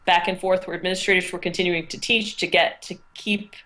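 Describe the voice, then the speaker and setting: A middle-aged woman with a somewhat low voice talks through her classroom experiences in a relaxed interview. She tells her stories thoughtfully, often restarting her sentences as she goes. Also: a little fast. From United States. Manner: thoughtful, storytelling, frequent restarts. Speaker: interviewed teacher. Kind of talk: casual interview talk.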